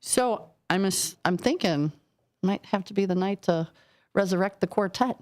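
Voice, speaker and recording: A woman hosting a casual radio chat in a studio, talkative and quick to laugh, firing off questions. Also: mid-range voice, darkish tone. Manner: chatty and giggly, quick questions. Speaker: radio host. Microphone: studio microphone.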